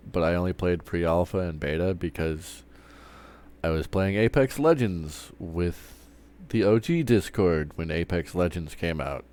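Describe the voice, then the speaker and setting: A man's voice: low-pitched, lively intonation, measured pace, a little mellow, clear, resonant tone. A man streaming live, ranting casually with lots of swearing and stumbling restarts. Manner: profane, rambling, restarts often. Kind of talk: casual rant while streaming.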